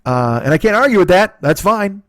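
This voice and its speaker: A middle-aged man rattles through a profane, self-deprecating comedy monologue at high speed, his voice sitting a little high. He jumps up in pitch to act out the people he quotes. The sound is dry and close, with no room around it. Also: very animated, fairly quick, a bit bright, dry recording. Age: 40s. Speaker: podcast host. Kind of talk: solo comedy podcast monologue.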